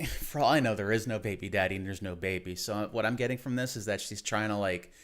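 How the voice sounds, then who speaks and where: A man's voice: fairly low pitch, fast. A man hosting a reaction commentary, analyzing a clip in a dry, wry manner. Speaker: commentary host.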